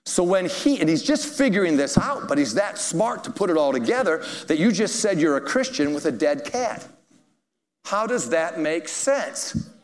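Animated high-voiced preacher in a hall. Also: male voice. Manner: animated, chuckling, drawn-out emphasis. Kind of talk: sermon storytelling. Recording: echoey hall.

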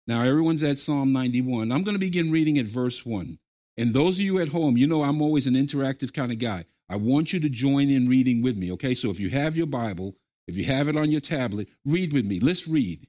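A man preaching as pastor, leading his listeners through a call-and-response scripture reading and slowing right down for the recited verses. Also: mid-range voice, lively intonation, a little mellow. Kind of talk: sermon.

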